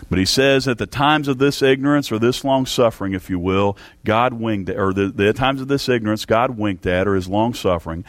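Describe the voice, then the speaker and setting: A man preaching a sermon to a church congregation, fervent, with big swings in pitch and loudness. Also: moderate pace, no room sound. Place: church service.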